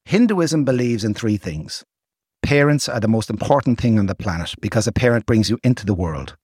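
An older Irish man in a casual podcast chat, telling animated travel stories with bursts of laughter. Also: lowish voice, fairly quick, slightly rough, no echo, studio quality. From Ireland. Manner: animated, laughing storyteller with broad enthusiasm. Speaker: podcast guest recounting travels.

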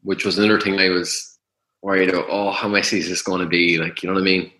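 A man, the partner of the guest, chatting in a relaxed, hesitant way. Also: deep voice, fast. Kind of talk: casual chat.

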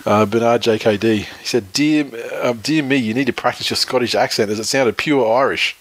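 Sweary husky Australian guy. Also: medium pitch, moderate pace, low-quality recording. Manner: sweary, laughs often, rambling restarts. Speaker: podcast co-host. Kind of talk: casual podcast banter reading listener tweets.

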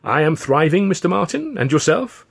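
A man's voice: on the high side, sing-song, normal speed, creaky, slightly rough, voice pushed up, exaggerated voice. A man voicing a vain, showy comedian with theatrical, flamboyant charm. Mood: jaunty.

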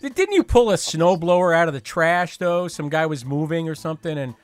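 A man hosts a casual podcast chat, joking and rambling with plenty of fillers. His voice sits a bit high for a man. Faint music plays behind him. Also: lively intonation, fairly quick. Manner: chatty, jokey, with many fillers and restarts. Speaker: podcast host.

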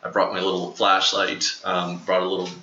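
A young man with a low, very bright and forceful voice tells a long personal story in loose, rambling chat. He leans on fillers and slips into little acted-out quotes as he goes. The recording sounds dull and lo-fi, in a roomy, echoing space. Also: monotone, fairly quick, a little hiss or hum. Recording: echoey lo-fi room.

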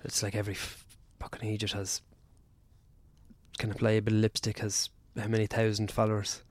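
A man's voice: fairly low pitch, monotone, brisk. A man, a guest on a casual podcast, talking in a hesitant, self-deprecating way and often repeating himself. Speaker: podcast guest, endurance athlete.

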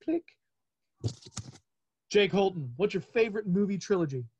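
A man in his forties hosting a casual interview, playful and chatty, with quick asides. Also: high-pitched, highs cut off. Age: 40s. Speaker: podcast host.

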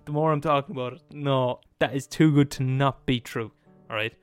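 A man telling a film story in a casual, animated monologue, swearing freely and digressing. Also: mid-range voice, brisk, clear, resonant tone, dry recording, faint music behind.

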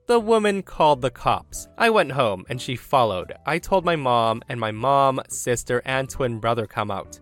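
Man narrating stories, mid-pitched voice, lively emphasis, faint music bed, close mic. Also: normal speed, few pauses. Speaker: story narrator and commentator. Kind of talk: reading online stories aloud with commentary.

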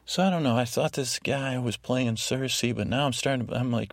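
Gravelly man rambling through a sleep podcast. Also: mid-range voice, a little fast, hardly any pauses, no echo. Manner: meandering, self-deprecating asides, many restarts. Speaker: podcast host.

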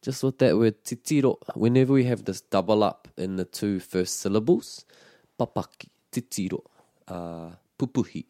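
A man's voice: fairly low pitch, moderate pace, dark tone, no echo, studio quality. A man teaching a language lesson, patiently explaining phrases and modelling pronunciation. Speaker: te reo Māori teacher.

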